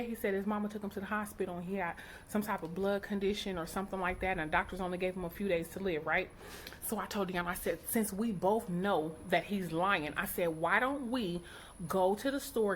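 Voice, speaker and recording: A middle-aged woman, a mother, telling a story to her viewers in a casual, outspoken and animated way, acting out what each person said. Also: mid-range voice, brisk, a little hiss or hum. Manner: animated, outspoken, quotes people in character. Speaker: vlogger, mother.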